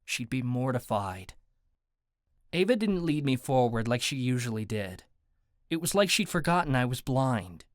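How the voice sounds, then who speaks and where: A man reads a first-person audiobook in a steady, even storytelling manner. His voice sits at a middle pitch, and the close studio recording is dry, with no room sound. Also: moderate pace, dry recording. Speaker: audiobook narrator. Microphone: close studio mic.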